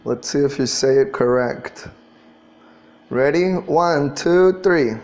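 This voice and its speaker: A man's voice: a little high, slow pace, a little mellow. A man teaching an English class, patiently drilling pronunciation and spelling words out letter by letter. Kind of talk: classroom lesson.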